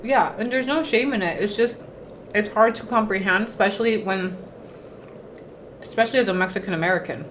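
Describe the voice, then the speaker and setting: A woman chats her way through a casual livestream, slipping Spanish words into her English and stopping now and then to eat. Her voice sits at a middling pitch. The room is echoey, with faint noise underneath. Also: fairly quick, pauses often, fairly bright tone. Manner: chatty, mixes in Spanish words, eating while talking. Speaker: livestream host.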